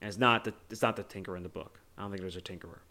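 Low-voiced man co-hosting a movie podcast. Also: very fast, pushed and bright. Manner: joking, loose, swears casually; rambling with many restarts. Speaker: podcast co-host. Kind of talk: casual movie discussion.

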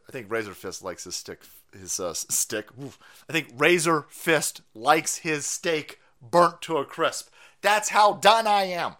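A man's voice: a little high, fairly bright tone. A man hosting a live stream, ranting in a profane, mocking way and laughing often.

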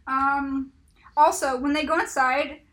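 A woman's voice: high-pitched, fairly even intonation, slow, a bit bright. A woman co-hosting a podcast, casually recapping a story with lots of fillers. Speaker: podcast co-host. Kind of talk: casual chat.

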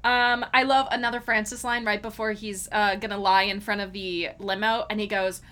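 Giggly bright-voiced woman chatting. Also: mid-range voice, flat delivery, normal speed. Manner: giggly, gushing, quotes lines in put-on voices. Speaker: podcast co-host. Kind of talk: casual chat.

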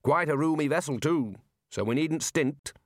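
A man voicing a pompous older wizard dean who speaks slowly and pedantically. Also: a little high, no echo, clean studio sound, voice pushed up, close to an everyday voice. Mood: smug.

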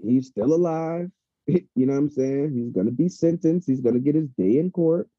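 Heated, husky-voiced man chatting. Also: on the high side, normal speed, no echo. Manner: animated, heated, swearing freely. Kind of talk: casual chat. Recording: dull lo-fi sound.

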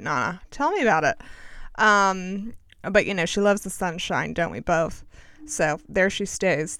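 Woman podcast host, casual chat, quick sarcastic asides, crisp voice. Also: mid-range voice, dry recording, clean studio sound. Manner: chatty, sarcastic, self-deprecating.

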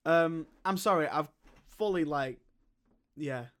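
Bright-voiced young man chatting casually. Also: on the high side, slow pace. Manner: rambling, swears freely, lots of restarts. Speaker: podcast co-host. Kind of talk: casual film chat.

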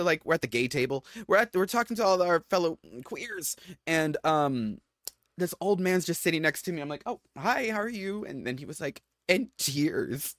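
Chatty man telling a story, dry sound. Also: no room sound. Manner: chatty storyteller, lively swings in pitch, frequent fillers. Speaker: podcast co-host. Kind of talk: casual chat.

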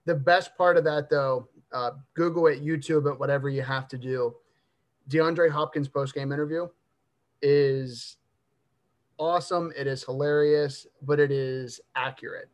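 A man's voice: a little high, fairly even intonation, a little slow. A man co-hosting a sports podcast, chatting enthusiastically about football and laughing easily. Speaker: podcast co-host. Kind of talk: casual sports chat.

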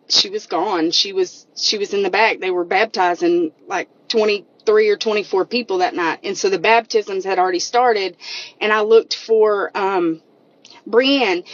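A woman's voice: medium pitch, dry recording, highs cut off. A woman, sharing a personal church testimony in earnest, emotional casual talk. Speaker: member of a church women's group sharing a testimony.

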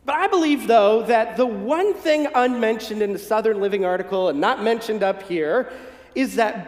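A man from the northern United States preaching a conversational, gently humorous sermon in a church sanctuary. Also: high-pitched, normal speed. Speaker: pastor. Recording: echoey hall with long reverb.

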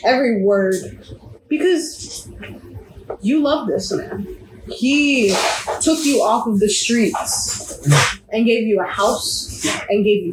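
A woman game master who narrates slowly and vividly, speaking straight to a player. Her voice sits mid-pitched and carries a roomy echo with a faint hiss of noise behind it. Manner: slow, vivid descriptive narration. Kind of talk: narrating a tabletop game in second person.

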